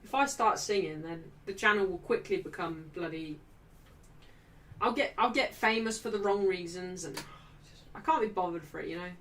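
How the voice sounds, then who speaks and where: A young woman hosting a live football watchalong, excitably reacting to play and reading out viewers' chat messages. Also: on the low side, normal speed, far from the mic, a little hiss or hum.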